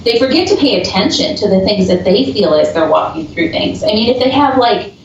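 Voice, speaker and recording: A woman's voice: mid-range voice, expressive, a little fast. A woman paranormal investigator chatting casually and telling stories with frequent laughs, heard over a remote call. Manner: chatty storyteller, laughs often. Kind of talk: casual chat. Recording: dull, distant, echoey call audio with faint noise.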